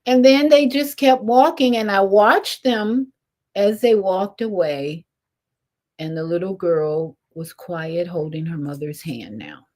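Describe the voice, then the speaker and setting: An older woman, a spiritual teacher, telling a story in an animated, lively way, her voice swinging between rises and soft drops. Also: mid-range voice, slow pace. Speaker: spiritual teacher leading meditation. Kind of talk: storytelling talk.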